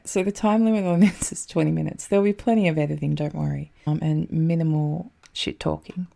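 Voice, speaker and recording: Young Australian woman, low gravelly voice, chatty frantic game commentator who swears under her breath. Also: darkish tone. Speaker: streamer playing a map game. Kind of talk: casual gameplay commentary.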